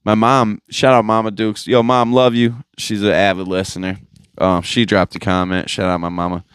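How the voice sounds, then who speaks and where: A man hosting a podcast chats loosely and profanely, full of slang and fillers, speaking straight into a podcast mic with a laid-back manner. His fairly low voice is smooth and clean, delivered flatly at a moderate pace, and the recording sounds close and dry.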